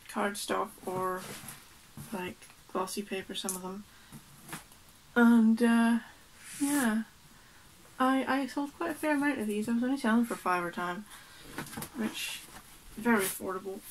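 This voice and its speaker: Slow-talking chatty woman, noisy recording. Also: fairly high pitch. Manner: rambling, chatty, laughs often. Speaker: artist vlogger. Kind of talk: casual chat while unpacking.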